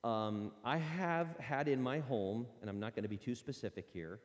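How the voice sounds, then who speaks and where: Long reverb surrounds a middle-aged man's mid-range voice as he talks at normal speed. He's teaching parents in an earnest, conversational way, voicing both parent and child lines.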